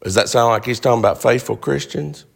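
A man's voice: mid-range voice, fast, vocal fry, breathy edge. A man preaching a sermon, emphatic, firing rhetorical questions at the congregation.

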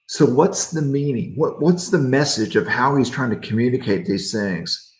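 A middle-aged male pastor leads a casual midweek devotional, folksy and quick to crack a joke. He answers viewer comments as they come in. His voice sits at an average pitch, and the room adds a roomy echo.

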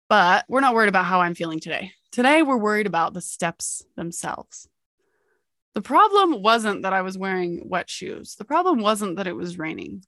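Young woman doing a pep-talk podcast, mid pitch, very dry close sound. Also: no room sound. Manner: energetic, storytelling, laughs at herself. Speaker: podcast host.

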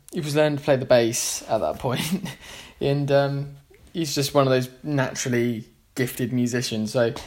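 A man, a musician, telling a long casual anecdote in a rambling way, full of fillers and restarts. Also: mid-range voice.

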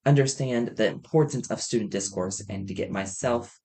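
Excitable, loud man who teaches kindergarten. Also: lowish voice, moderate pace. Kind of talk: casual chat among teachers.

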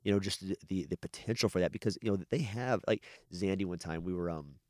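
A man's voice: sits low, fast talker, darkish tone, dry recording, studio quality. A middle-aged man, an adoptive father, talking candidly and rambling in a casual podcast conversation. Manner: candid, rambling, frequent restarts and swearing.

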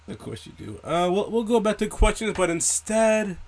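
A young man casually telling a story and acting out quoted voices, animated and swearing. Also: high voice, moderate pace. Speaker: host answering questions.

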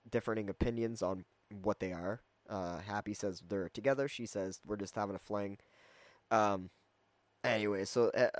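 A man giving a casual, rambling movie review, full of fillers and quick acted-out quotes. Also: fairly low pitch, dry recording. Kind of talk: casual spoken film review.

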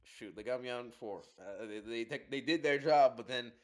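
A young man, a college football player, chatting casually in a relaxed way, with halting restarts and casual swearing. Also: medium pitch. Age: young adult. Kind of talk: casual chat.

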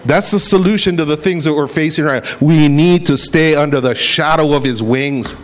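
A man's voice: fairly high pitch, normal speed. A middle-aged man preaching a sermon in a conversational way, acting out quotes as he goes. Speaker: pastor.

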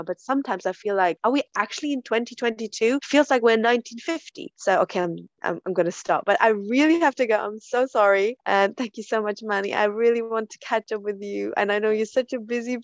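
A woman's voice: on the high side, dry recording. Woman from germany chatting earnestly, keeps restarting, muffled dry call audio. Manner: earnest, many restarts and repeated words. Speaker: panel guest. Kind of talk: casual group discussion.

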